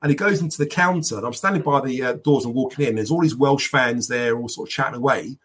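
A middle-aged man, telling lively football anecdotes with laughs in a casual chat. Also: medium pitch, quick pace, slightly rough. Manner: animated anecdotes, laughs as he tells them. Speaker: guest football fan. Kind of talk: casual storytelling.

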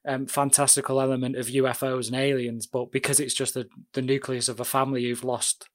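A man's voice: medium pitch, level tone, brisk. Thoughtful podcast co-host, man. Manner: thoughtful, hesitant, many fillers. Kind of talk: casual podcast interview.

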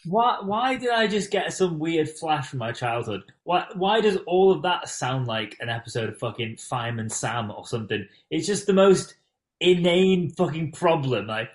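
A man's voice: on the high side, big pitch swings, moderate pace. A man on a comedy podcast making exasperated, swearing remarks. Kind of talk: casual comedic chat. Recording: echoey room.

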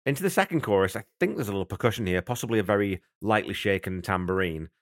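Low-voiced man hosting a music podcast. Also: expressive, fast talker, no echo, studio quality. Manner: thoughtful, conversational, enthusiastic about music. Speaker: podcast host. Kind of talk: podcast song breakdown.

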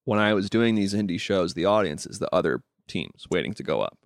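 A man's voice: sits low, animated, a little fast, vocal fry, no room sound, clean studio sound. A young man, a comedian, talking in a loose, rambling casual conversation full of "like" and restarts. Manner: loose and rambling, heavy use of "like". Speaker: comedian and podcast guest.

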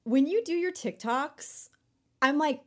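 A woman's voice: high-pitched, a little slow, fairly bright tone. A woman hosting an interview, chatty and enthusiastic as she sets up stories and questions. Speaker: host. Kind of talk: casual interview chat.

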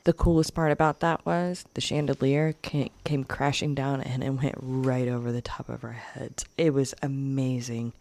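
A woman co-hosting a podcast, telling trip stories in an animated way and laughing often. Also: extremely low pitch, moderate pace, few pauses, dry recording. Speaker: podcast co-host. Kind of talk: casual chat.

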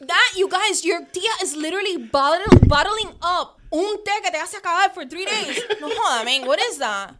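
A woman from Miami with a Miami accent, chatting as a podcast guest in an animated, slangy way, dropping Spanish words. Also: very high voice, normal speed, few pauses, heavy background noise. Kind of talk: casual podcast chat.

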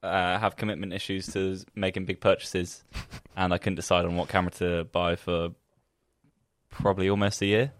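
A man's voice: sits low, little pitch movement, moderate pace, no echo, studio quality. A man, a photographer, chatting casually and explaining things hesitantly, step by step. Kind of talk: casual chat.

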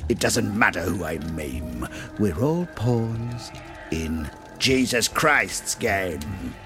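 A man's voice: fairly low pitch, very animated, slow pace, music in the background. A man doing a sneering murderous Christmas monster. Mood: smug.

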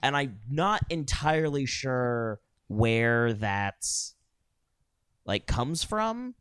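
A man's voice: mid-range voice, expressive, extremely slow, a bit bright, clear, resonant tone, no room sound, studio quality. A man hosting a podcast, chatting casually with sardonic, escalating riffs. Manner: riffing, sardonic, escalating rants. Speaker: podcast host. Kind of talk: casual chat.

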